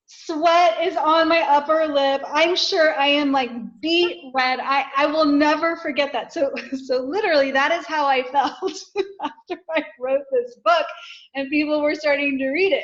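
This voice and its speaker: A woman, a guest author, talks through her personal stories in a candid, self-deprecating way. Her voice sits a little high. The recording sounds dull and lo-fi. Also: normal speed, fairly bright tone. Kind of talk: casual podcast conversation.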